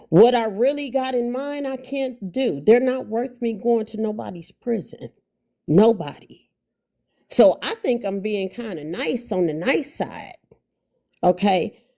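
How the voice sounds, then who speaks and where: Black woman, angry and blunt on a live, raspy low-grit voice. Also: dark tone. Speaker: guest mother on a livestream. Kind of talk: heated livestream talk.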